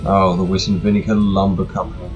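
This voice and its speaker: Gaming narrator, man, low voice, reads with flourish and cracks dry jokes, slightly tinny room. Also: flat delivery, fast talker, a little mellow. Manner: reads with mock-dramatic flourishes, dry joking asides. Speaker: gameplay narrator. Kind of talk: reading game text aloud with asides. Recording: faint music behind, slightly tinny room.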